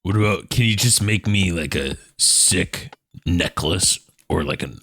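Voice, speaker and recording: Very deep-voiced, laid-back man playing a game. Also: measured pace, a bit bright, dry recording, clean studio sound. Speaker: player.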